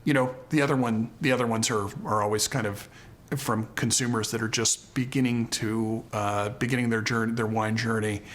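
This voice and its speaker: A man's voice: lowish voice, fairly even intonation, normal speed. A man, a winemaker and co-owner, answering an interview question in an easygoing, amused way.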